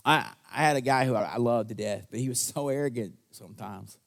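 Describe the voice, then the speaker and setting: A man's voice: fairly quick, vocal fry. A man preaching a sermon as pastor, earnest and conversational, with call-and-response asides to the congregation and quoted lines acted out in a raised voice. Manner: acts out quoted voices with big jumps in pitch and loudness.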